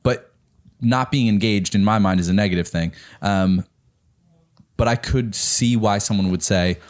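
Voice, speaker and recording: Low-voiced, hesitant man musing. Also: moderate pace. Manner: thoughtful, hesitant, many ums. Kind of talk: casual chat.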